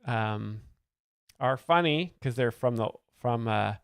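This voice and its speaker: A man hosting a satirical commentary video, talking in a deadpan, mock-earnest way with many fillers. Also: medium pitch, slow pace, gravelly, clean tone, dry recording, studio quality. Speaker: comedy video host.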